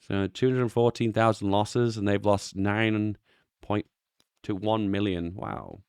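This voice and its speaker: A young man, a YouTube host giving relaxed, chuckling commentary on memes and swearing offhandedly. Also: fairly low pitch, slow, clean tone, no echo, studio quality. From England. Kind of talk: casual commentary.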